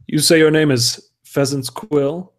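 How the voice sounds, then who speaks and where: A man's voice: a little high, steady tone, a little slow, natural voice. A man voicing a haughty, arrogant male errant warrior who mocks and sneers. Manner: sneering, pompous, mocking laughs.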